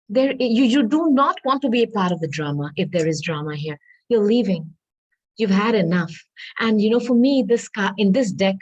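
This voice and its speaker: Earnest, animated woman reading tarot. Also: mid-range voice, poor audio. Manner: earnest, reassuring, searches aloud for words; addresses viewers as darling. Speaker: tarot reader.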